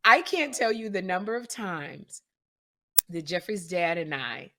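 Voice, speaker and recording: Lively animated woman podcast co-host. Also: lowish voice, measured pace. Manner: animated storyteller, acts out quotes loudly. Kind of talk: casual comedic chat.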